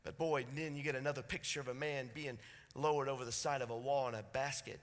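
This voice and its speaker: A pastor preaching a sermon, swinging between loud, fervent passages and hushed, intense ones. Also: male voice, medium pitch, fairly even intonation, quick pace. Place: church sanctuary. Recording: church sanctuary reverb.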